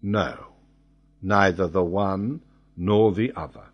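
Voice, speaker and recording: A man's voice: deep voice, steady tone, takes it slowly, lo-fi sound. A man reading the part of a stubborn, defiant male quartermaster held prisoner on a ship, in a storybook reading. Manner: defiant and clipped.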